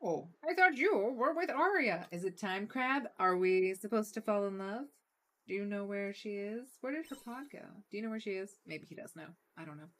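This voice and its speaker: A woman's voice: medium pitch, brisk. A woman giving casual, joking commentary while playing a video game and talking back to its characters. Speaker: let's play streamer.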